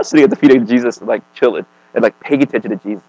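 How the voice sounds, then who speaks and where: Preaching a sermon in a casual, conversational style, a man keeps checking in with "right?" and "okay?" and swings between emphatic and quiet. He talks rapid-fire in a mid-range voice, with no room sound and poor audio.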